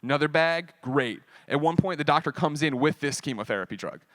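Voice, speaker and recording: A man speaking at a convention panel, telling a personal story in an animated, profane way and acting out the dialogue. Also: on the high side, fairly quick, no echo.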